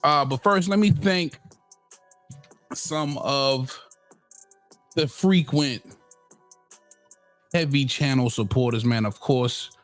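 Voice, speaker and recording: A man hosting a live boxing talk stream, chatting loosely with many fillers, shout-outs and a Black way of speaking. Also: medium pitch, slow, long pauses, soft background music. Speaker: boxing channel host. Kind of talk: casual live-stream commentary.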